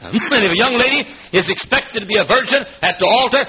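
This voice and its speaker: Fiery preacher man, bright and high. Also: lively intonation, fast. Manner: shouting, swinging from booming to hushed, with coughs. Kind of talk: fiery revival sermon. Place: church. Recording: dull lo-fi old recording.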